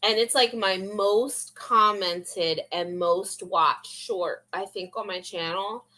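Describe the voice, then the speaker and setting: A woman's voice: medium pitch, fairly even intonation, takes it slowly, bright, forceful tone. A young woman vlogger in casual, rambling, confessional chat full of fillers.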